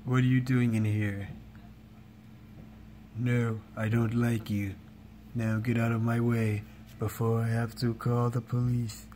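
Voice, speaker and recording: A man doing an impression of a lazy, lasagna-loving male cartoon cat with a bossy drawl, in a flat low voice over faint background hum. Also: takes it slowly, pauses often, close to an everyday voice. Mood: scheming.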